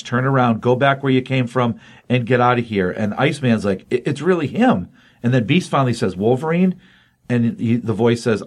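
A man casually recapping a comic book issue, quoting the characters in his own plain voice with lots of ums. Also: medium pitch. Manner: retells scenes quoting characters in a flat voice, many ums.

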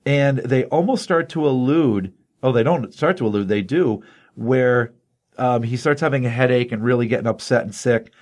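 Comic podcast host, man, mid-pitched, chatty and excited recapping. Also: moderate pace. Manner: excitable storyteller, loose and rambling with fillers. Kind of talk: casual chat retelling a comic.

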